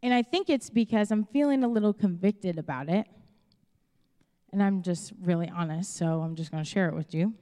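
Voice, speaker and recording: A woman's voice: lowish voice, normal speed, mellow. A young woman pastor with a Chicago accent, preaching a sermon in a candid, conversational way and acting out her own asides. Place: church auditorium. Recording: long hall reverb.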